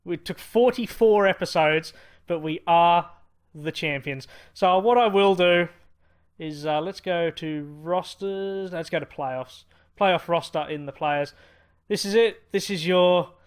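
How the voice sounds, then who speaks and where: A man's voice: on the high side, fairly bright tone. A man hosting a baseball management let's-play, talking in a rambling, casual way with many fillers and restarts, elated. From Australia.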